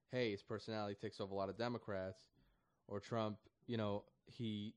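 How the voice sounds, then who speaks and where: Man ranting with loud emphatic swings. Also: dry recording, studio quality. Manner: mocking voices with high squealing jumps. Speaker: political commentator. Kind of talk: animated political rant.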